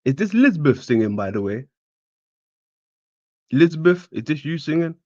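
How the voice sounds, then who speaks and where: Animated man exclaiming in reaction. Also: mid-range voice, a little fast, highs cut off. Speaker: show co-host reacting. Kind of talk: casual reaction chat.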